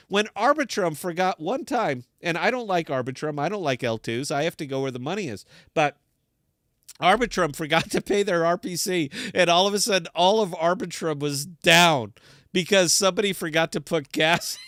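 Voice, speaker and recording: A man hosting a live stream, fired up and profane as he rants about what annoys him. His voice sits a little high for a man, and the sound is close and dry. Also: moderate pace, dry recording. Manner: profane, excitable ranting. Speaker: livestream crypto host. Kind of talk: live-stream chat and rant.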